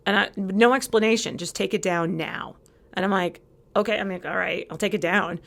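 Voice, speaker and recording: A woman's voice: mid-range voice, normal speed, vocal fry, a bit bright. A woman from California, a podcast guest, telling a story animatedly and acting out both sides of each exchange. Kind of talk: casual chat.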